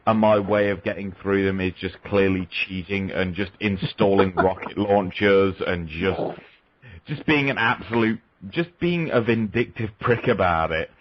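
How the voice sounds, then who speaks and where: A lower-voiced man rambles through crude jokes with a mocking edge. His voice comes over dull, lo-fi audio from a call-in show. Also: normal speed, a little hiss or hum. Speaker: guest caller. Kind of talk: crude comedic call-in chat.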